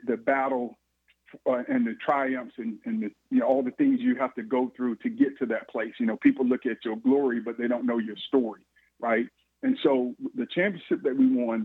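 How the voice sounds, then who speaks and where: A man, a former football player telling animated stories in an interview, chuckling often. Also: medium pitch, slightly rough, dry recording. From Georgia, USA. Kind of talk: storytelling interview. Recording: phone-like line, dry.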